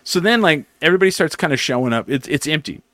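A man's voice: a little high, fast talker, dry recording, studio quality. A man hosting a casual podcast, telling a long story full of swearing and acted-out quotes. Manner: profane, animated storyteller acting out quotes. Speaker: podcast host.

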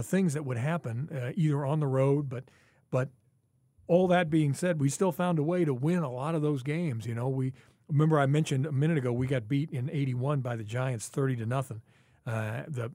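A man in his sixties, a former football player, co-hosting a podcast and swapping old team stories in an animated, chatty way. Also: medium pitch, moderate pace, no room sound. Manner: reminiscing, animated, with asides. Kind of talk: casual storytelling chat.

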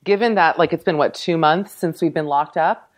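A woman co-hosting a podcast, making deadpan, dry jokes in casual chat. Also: deep voice, moderate pace, low-quality recording.

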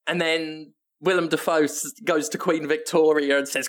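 A comedy podcast co-host improvising an absurd film pitch, animated and silly, laughing often. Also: moderate pace.

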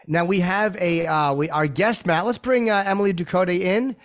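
Brief: dry, wry man host, somewhat high voice, plain interviewer. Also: moderate pace. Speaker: podcast host. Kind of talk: casual chat and interviewing.

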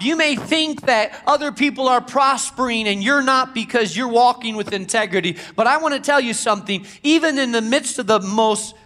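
A man with a high voice preaching from the pulpit. He tells stories dramatically, rising to loud declarations and dropping to near-whispers. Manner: dramatic storytelling, swings from loud to hushed. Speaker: pastor. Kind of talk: sermon.

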